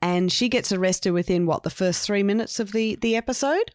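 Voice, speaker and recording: A chatty woman co-hosts a podcast review, full of quick jokey asides. The sound is dry and close, with no room around her voice. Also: medium pitch, a little mellow, no echo. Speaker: podcast co-host. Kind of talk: casual review chat.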